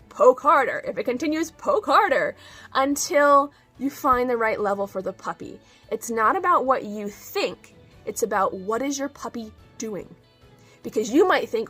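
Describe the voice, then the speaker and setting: A woman dog trainer giving an instructional talk, emphatic and expressive, acting out little examples as she explains. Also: a little high.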